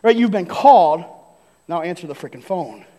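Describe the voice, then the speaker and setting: A man's voice: high voice, animated, normal speed, warm tone, long reverb tail. A man preaching a sermon as pastor, emphatic and punctuated with "right?" and short laughs. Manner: emphatic, frequent "right?" tag questions, laughs between points. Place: church hall.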